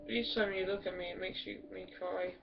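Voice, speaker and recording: A woman's voice: medium pitch, fairly even intonation, a little fast, vocal fry, recorded from a distance, background noise. A woman giving casual, rambling game commentary, crude and swearing often. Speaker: gameplay commentator. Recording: dull lo-fi from off mic, loud music behind. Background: loud music.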